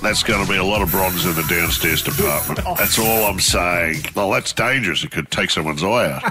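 A man's voice: sits low, a little fast, over music. An Australian man hosting a radio breakfast show, wisecracking and laughing often through jokey banter.

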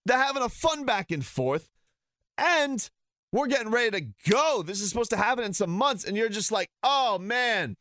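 A man's voice: very high voice, big pitch swings, normal speed, a bit bright, dry recording, clean studio sound. A man ranting heatedly and sarcastically as a sports talk host.

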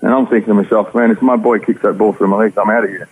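A man's voice: fairly low pitch, fairly even intonation, fast, a little hiss or hum. An Australian man telling his life story as an interview guest, in an earnest, rambling way. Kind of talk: personal testimony. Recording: tinny phone-like radio audio.

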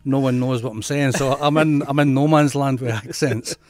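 A middle-aged man with a Scottish accent, a photographer telling his story as a guest in a relaxed chat. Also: mid-range voice, normal speed, no echo, studio quality. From Scotland. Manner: chatty, self-deprecating storyteller. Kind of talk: casual interview chat.

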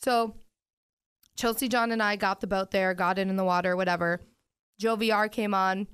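Here's a chatty young woman co-hosting a podcast, recounting her weekend with lots of "um" and "like," at times with her mouth full. Her voice sits mid-range, a little bright, clear and resonant, with fairly even intonation and a moderate pace. The audio is studio quality with no room sound.

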